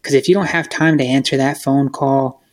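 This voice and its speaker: A man's voice: mid-range voice, fairly even intonation, moderate pace. A man co-hosting a podcast who agrees with his partner and adds follow-up points in casual talk. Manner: agreeable, chimes in with follow-up points, some restarts. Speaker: podcast co-host.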